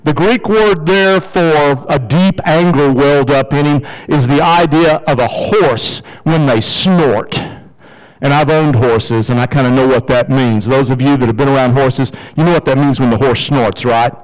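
A man preaching a sermon as pastor, in a conversational, emphatic way, with sudden rises in pitch for emphasis. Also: moderate pace, poor audio.

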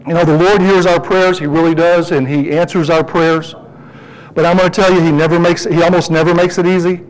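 The audio is poor as a middle-aged pastor preaches at a brisk pace, telling a personal story with lively animation. His voice springs high whenever he quotes himself.

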